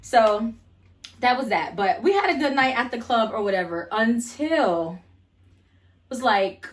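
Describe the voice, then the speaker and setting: A woman's voice: a little high, expressive, a little slow. Blunt, profane young woman telling a story. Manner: blunt, profane, chatty with many fillers. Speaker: vlogger. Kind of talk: casual storytime.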